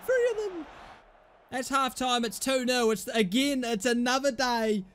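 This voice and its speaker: A young man with a very high voice, yelling and swearing his way through live game commentary. His speech swings between shouting and muttering. There is a faint hum of room noise behind him. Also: measured pace. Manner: excitable, swearing, commentating on his own match. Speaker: gaming YouTuber.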